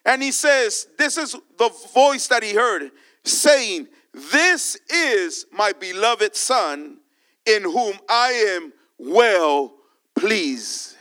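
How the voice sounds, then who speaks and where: A man's voice: high voice, sing-song, extremely slow, bright, forceful tone. A man preaching a sermon as pastor, repeating his points and calling out to the church.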